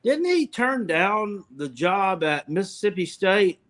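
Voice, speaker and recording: A man's voice: high voice, sing-song, slow, fairly bright tone. A man co-hosting a casual sports podcast, offhand and joking. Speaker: podcast co-host.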